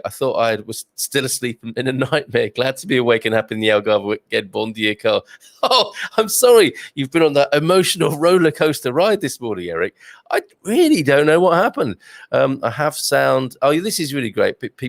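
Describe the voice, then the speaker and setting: A man's voice: medium pitch, animated, a little fast, vocal fry, dry recording. A man hosting a casual livestream from home, reading out viewer comments in a chatty, jokey way with plenty of ums and uhs. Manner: chatty and jokey, many fillers. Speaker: livestream host. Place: home with a wood stove.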